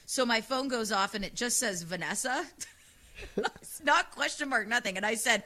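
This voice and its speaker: A woman radio host with a loud, sassy, animated way of talking, telling a dating story in casual chat. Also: on the high side, moderate pace.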